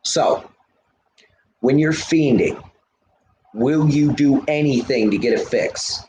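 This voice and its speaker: A man's voice: mid-range voice, takes it slowly, darkish tone, echoey room, a little hiss or hum. Heated, profane man ranting to chat. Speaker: livestreamer. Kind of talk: live stream rant to chat.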